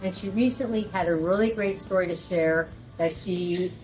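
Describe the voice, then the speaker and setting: A woman's voice: on the low side, normal speed, a little mellow, soft background music, poor audio. A woman hosting a casual interview, welcoming her guest and reacting with encouragement. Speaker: host.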